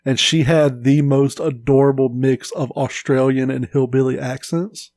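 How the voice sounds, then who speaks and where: Male podcast co-host, medium pitch, dry close sound, casual and a bit profane. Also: steady tone, moderate pace, a little mellow, dry recording. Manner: easygoing storyteller, swears casually. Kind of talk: casual chat.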